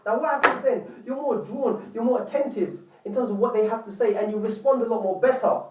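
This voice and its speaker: A man's voice: very high voice, a little fast, far from the mic, background noise. A man giving relationship advice to camera in an earnest, repetitive way, often calling viewers "people". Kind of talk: direct-to-camera advice talk. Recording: echoey room, voice off-mic.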